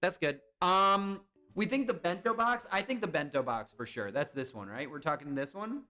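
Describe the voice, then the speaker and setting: A young man chatting casually on a live stream, excitable and swearing when he guesses wrong. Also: sits high, moderate pace, soft background music. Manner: excitable, swears and yelps at misses.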